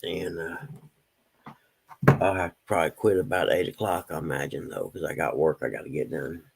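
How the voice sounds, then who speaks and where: Drawling low-voiced man, gravelly. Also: normal speed, a little hiss or hum, rough recording. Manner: rambling, drawling, talks to his pets. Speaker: live streamer. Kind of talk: early-morning casual livestream chat. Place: home, indoors.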